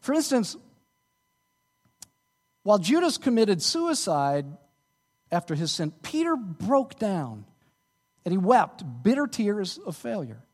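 A man preaching a sermon as pastor, animated and rising to emphatic peaks. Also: sits high, slow pace, long pauses, in a large hall.

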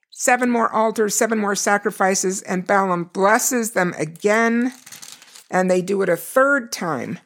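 A woman's voice: fairly high pitch, fairly bright tone. Woman, scripture teacher, conversational lesson, reads verses aloud, casual asides.

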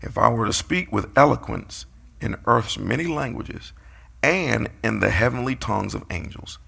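A man's voice: medium pitch, expressive, moderate pace, vocal fry, a bit bright, breathy edge. A man preaching a sermon, playfully calling out his congregation and acting out quotes.

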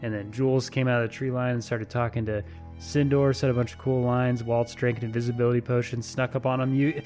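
A man's voice: mid-range voice, flat delivery, fairly quick, darkish tone, soft background music. A man hosting a tabletop role-play podcast as game master, bantering with players and recapping the last session. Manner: joking banter then recapping the story.

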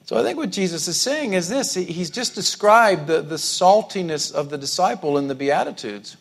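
Man preaching a sermon, slightly high voice. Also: lively intonation, normal speed, vocal fry. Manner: conversational preaching with frequent repetitions and restarts; rises to emphatic high-pitched stresses on key words. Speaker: pastor.

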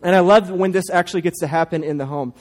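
A man's voice: high voice, fast talker. A man in his thirties, a pastor, preaching a sermon and telling a family story with playful asides.

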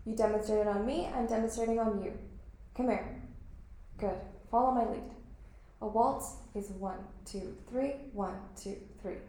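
Earnest teen girl played by a woman, insistent and defensive, kinda high voice, big echo. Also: unhurried, dark tone, natural voice. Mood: coaxing. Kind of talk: stage play acting. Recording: very echoey hall.

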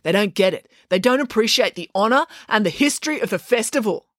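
A woman's voice: mid-range voice, expressive, brisk, fairly bright tone, dry recording, studio quality, pitched above the performer's own voice. A woman voicing a scornful, suspicious young local boy with a scathing manner in an audiobook. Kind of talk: audiobook character voice.

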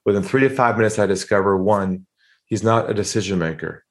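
Lively low-voiced man telling a sales story. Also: a little fast. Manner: animated, acts out phone calls with shifting voices. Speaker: podcast guest, sales coach. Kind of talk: storytelling interview talk.

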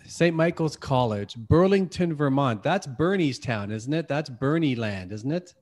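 A man's voice: medium pitch, animated, a little slow, darkish tone. A man from Canada hosting a podcast interview, friendly and chatty, often saying "hey, listen" and "man". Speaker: podcast host.

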